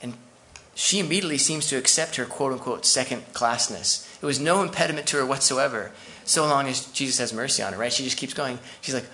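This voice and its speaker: A man's voice: medium pitch, brisk, few pauses, sharp tone, slight background noise. A man preaching a sermon as pastor, conversational and full of asides to the congregation.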